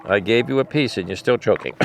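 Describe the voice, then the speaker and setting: A man who rescues animals, hosting a casual vlog outdoors at his sanctuary, talking to the camera and cooing soft, repetitive praise to his dogs. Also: on the low side, a little hiss or hum. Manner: coos softly to dogs, repeating praise, dropping to near-murmurs; rambling, repeats himself when talking to the audience. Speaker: animal rescuer and show host.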